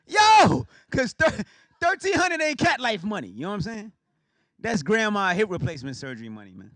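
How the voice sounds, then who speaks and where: A man's voice: on the high side, a bit bright, dry recording. A man doing a stand-up comedy set, loose and conversational, with punchy delivery.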